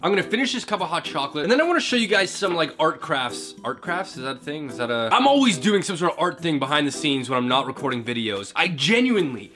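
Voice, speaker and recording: A man's voice: a little high, big pitch swings, quick pace, hardly any pauses, sharp tone, soft background music. A young man chatting casually in a vlog, playful and self-mocking as he talks to his viewers. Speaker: vlogger. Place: home, later in a car.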